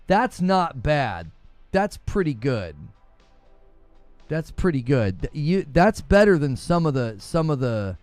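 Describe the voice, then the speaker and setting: Man, livestream host, lively up-and-down delivery, slightly high voice, faint music behind. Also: slow, no echo. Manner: animated, joking with chat, laughs often. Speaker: gaming channel host. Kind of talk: casual livestream chat.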